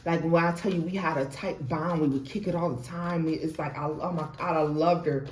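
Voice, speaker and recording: A young woman telling her own ghost story in an animated, chatty way, talking straight to viewers and laughing often. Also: low voice, brisk, a little hiss or hum. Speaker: tarot reader and storyteller. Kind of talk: casual storytime vlog. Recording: roomy echo.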